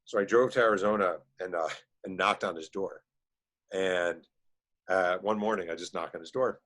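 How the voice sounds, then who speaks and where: He speaks in a fairly low voice as a guest author spinning anecdotes. His pace surges in quick bursts, loaded with "like" and "um." It sounds animated and conversational rather than scripted. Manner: animated storyteller, quick bursts, many fillers. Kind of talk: casual storytelling chat.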